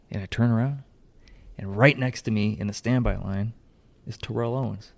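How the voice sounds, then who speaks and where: A man chatting casually as a co-host, telling a lively story, swearing freely and acting out what people said. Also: lowish voice, moderate pace, vocal fry. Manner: animated storyteller, swears freely, acts out quotes. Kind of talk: casual chat.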